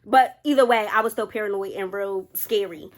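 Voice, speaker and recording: A young woman vlogger telling a personal story to her viewers, animated and chatty, often saying y'all and acting out what others said. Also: mid-range voice, moderate pace. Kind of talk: casual storytelling to camera. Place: indoors under a studio light.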